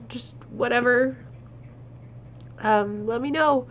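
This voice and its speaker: Tearful high-voiced young woman vlogging. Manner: halting, tearful, many restarts. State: crying. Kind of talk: emotional personal vlog.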